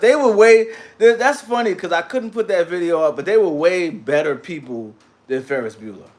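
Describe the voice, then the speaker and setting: A man hosting a casual livestream, talking back to his chat in a loose, slangy, animated way. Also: high-pitched, normal speed. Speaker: livestream host reading chat.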